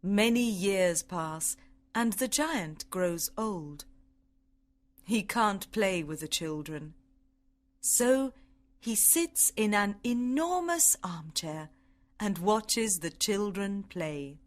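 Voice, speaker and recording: A woman reading a simple story aloud with careful, clear delivery for English learners. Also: mid-range voice, animated, slow.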